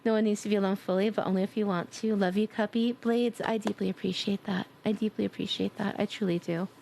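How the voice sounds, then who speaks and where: A woman's voice: mid-range voice, fairly even intonation, fast, vocal fry, a little hiss or hum. A woman streamer chatting casually and affectionately as she signs off her stream, a bit congested. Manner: warm, affectionate, blowing kisses. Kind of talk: casual stream sign-off chat.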